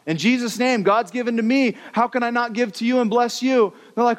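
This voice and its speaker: A male pastor preaching a sermon in an animated, conversational way, acting out the stories he tells. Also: extremely high pitch, a little fast, hardly any pauses, long reverb tail.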